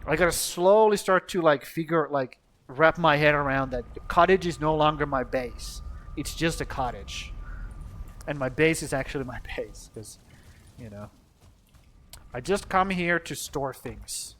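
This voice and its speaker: A man's voice: a little high, measured pace, a bit bright. Profane rambling man streaming a game. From Finland. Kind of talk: casual gameplay commentary.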